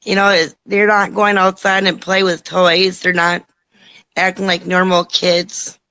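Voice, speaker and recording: A woman in her thirties co-hosts a casual live talk show over a video call. She speaks slowly, and her voice has a bright, sharp tone. She is chatty and laughs often. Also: fairly low pitch, little pitch movement, rough recording.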